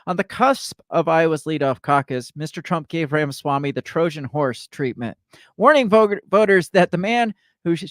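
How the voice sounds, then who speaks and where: Podcast co-host, man, slightly high voice, animated political chatter. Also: dry recording, studio quality. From Midwest US. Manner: animated, reads news articles aloud. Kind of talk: casual political chat.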